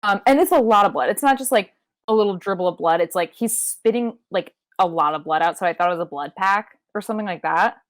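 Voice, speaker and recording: A woman co-hosting a podcast, recapping a wrestling show in casual chat, swearing freely and leaping into high-pitched impressions. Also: fast talker, dry recording. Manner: animated, profane, jumps into high-pitched impressions. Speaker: podcast co-host.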